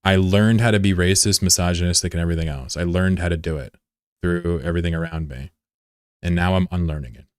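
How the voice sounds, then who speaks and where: A man streaming live, chatting bluntly and profanely with viewers, swinging between loud outbursts and low mutters. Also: steady tone, fast, clean tone, no room sound, clean studio sound. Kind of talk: casual live-stream chat.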